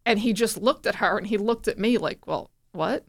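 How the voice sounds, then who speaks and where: Animated woman telling a family story. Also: mid-range voice, brisk. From New Jersey. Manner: animated, acts out quoted voices. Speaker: guest. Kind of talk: conversational storytelling.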